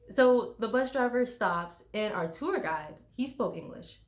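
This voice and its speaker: A young American woman who makes travel vlogs rants bluntly in a casual video, swearing freely and mocking people with put-on voices. Her voice is on the high side, expressive, and slow.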